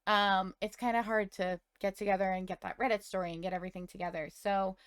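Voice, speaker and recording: A woman's voice: mid-range voice, fairly even intonation, fast, smooth, no echo, clean studio sound. A woman from Massachusetts co-hosting a podcast, chatting casually with jokes and frequent laughs. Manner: chatty, joking, laughs often. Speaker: podcast co-host. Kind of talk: casual chat.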